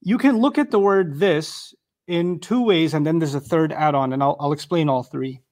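A man's voice: on the high side, moderate pace, darkish tone. A man teaching a lecture on Quran verses, explaining with examples and rhetorical questions and reciting Arabic passages.

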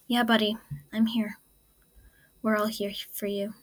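A woman voicing a gentle, steady male leader. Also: mid-range voice, measured pace, lightly acted.

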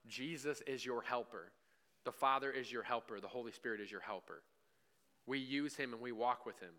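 A man preaching in a church, talking to the room like he's chatting with friends and checking in with "right?" every few lines. His voice is bright and forward, and it stays smooth and clear. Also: mid-range voice, moderate pace. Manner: conversational preaching with frequent "right?" asides; acts out imagined dialogue with God. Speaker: pastor. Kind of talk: sermon.

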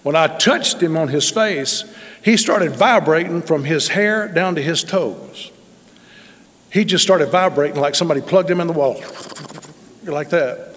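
A man's voice: fairly high pitch, a little slow, a bit bright. A middle-aged man telling a testimony in a sermon, folksy and emphatic. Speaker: preacher. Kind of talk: sermon storytelling. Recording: long reverb in a large hall.

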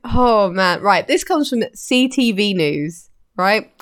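A woman's voice: medium pitch, animated, slow. A woman co-hosting a casual podcast, chatty and giggly as she reads out odd news stories. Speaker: podcast co-host.

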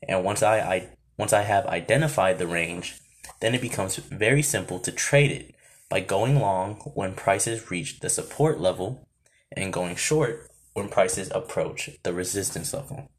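A man explaining trading chart setups in a steady, methodical way, now and then breaking off to talk to himself. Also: deep voice, measured pace. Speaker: trading educator.

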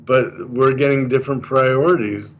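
A man with a mid-range voice speaks at a moderate pace in a steady tone, recorded in low quality with a little hiss or hum. He is a guest being interviewed about a communication course, earnestly explaining the method and repeating its key points in a casual chat.

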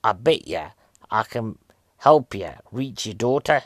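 A man's voice: lowish voice, expressive, measured pace, no room sound, clean studio sound. A man voicing an odd woman who coaxes someone into a seance. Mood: coaxing.

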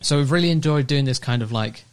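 A man co-hosting a casual radio-style show, chatty and easily excited. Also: mid-range voice, fast talker, clean tone. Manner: chatty, excitable, cooing over fireworks. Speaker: podcast co-host.

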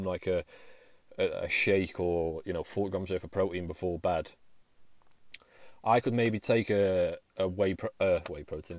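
A man's voice: low-pitched, darkish tone, no echo. A man hosting his own podcast, talking casually and rambling with frequent restarts and casual swearing. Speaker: podcast host. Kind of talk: casual solo podcast monologue.

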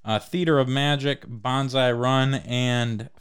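A man's voice: medium pitch, steady tone, takes it slowly, clear, resonant tone. A man co-hosting a podcast in casual banter, joking, laughing often and swearing freely. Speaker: podcast co-host.

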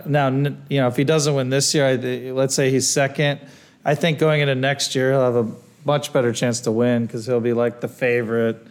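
A man's voice: medium pitch, little pitch movement, normal speed, smooth. Thoughtful man in casual podcast talk. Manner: thoughtful, hedging, curious. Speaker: podcast co-host. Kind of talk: casual chat.

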